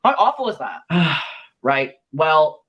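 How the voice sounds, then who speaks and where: A man's voice: on the high side, very animated, slow, pushed and bright, breathy edge. A young man recounting a personal story in a played clip, animatedly acting out the lines of the people he quotes.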